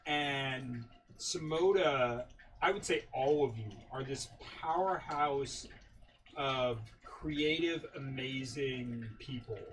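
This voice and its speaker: A mid-pitched man hosts a podcast in a relaxed, conversational way, speaking appreciatively of his guests. He sits back from the mic, and a faint noise hums underneath. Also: takes it slowly, distant mic, poor audio. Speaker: podcast host. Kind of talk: casual podcast chat.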